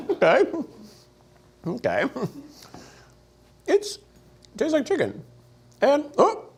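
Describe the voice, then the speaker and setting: On a studio set built around a food conveyor belt, a male host with an extremely high, slightly mellow voice swings his pitch hugely. Between bites he's jokey and rambling, quick to laugh through the casual tasting chat.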